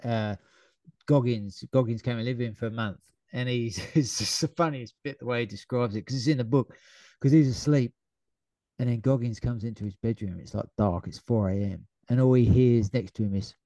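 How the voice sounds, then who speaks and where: A man co-hosting a casual running podcast, telling stories with quick bursts of acted-out dialogue and laughter. His voice sits in an ordinary middle range, recorded close and dry with no room sound. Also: medium pitch, dry recording. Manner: animated storyteller, acts out quotes with shouts and laughs. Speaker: podcast co-host. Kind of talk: casual chat.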